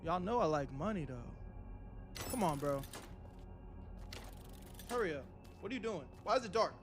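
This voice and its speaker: A young man with a high, bright voice comments live on a horror game he is playing. He gets jumpy and excitable, swears freely and repeats the same line over and over when scared. Soft music plays faintly under his voice. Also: measured pace, long pauses. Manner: panicky, excitable, swears often, repeats himself. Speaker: streamer.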